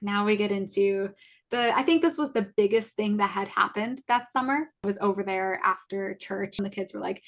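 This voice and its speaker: A young woman in her twenties shares a personal story on a podcast, speaking candidly and conversationally. Her voice sits at an ordinary middle pitch for a woman. She leans on filler words and slips in nervous little laughs. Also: normal speed. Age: 20s. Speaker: podcast co-host.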